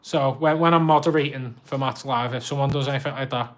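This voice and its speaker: A man's voice: mid-range voice, steady tone, brisk, a bit bright. A man with a Scouse accent chatting casually on a fishkeeping live stream, laughing often and poking fun at himself. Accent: Liverpool (Scouse).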